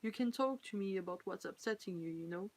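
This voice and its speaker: A French-accented woman puts on a stern male army captain who drops his voice to a low, soft murmur. He sounds reserved but caring, a fan-fiction figure read aloud. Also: brisk, close to an everyday voice, rough recording. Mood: gentle. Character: stern soldier captain, adult man, quietly caring.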